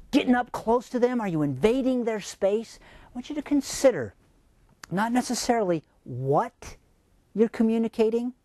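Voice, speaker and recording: Man coaching in a lively voice. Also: high voice, no room sound. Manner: gentle, coaching, asks many rhetorical questions. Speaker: parenting advice host. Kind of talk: scripted advice talk.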